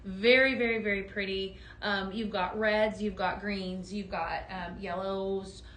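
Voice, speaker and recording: Bright-voiced woman hosting a live sale, gushing and upbeat, in an echoey studio. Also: mid-range voice, flat delivery, a little slow, a little hiss or hum. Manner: gushing, upbeat sales talk; talks straight to viewers. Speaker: host of a live home-decor sales stream. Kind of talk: live product demo chat.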